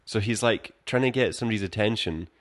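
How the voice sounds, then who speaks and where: A man's voice: fairly low pitch, fast talker. A young man chatting easily on a podcast, agreeing a lot and talking in loose, filler-heavy runs. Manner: easygoing, agreeable, lots of fillers. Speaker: podcast co-host. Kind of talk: casual chat.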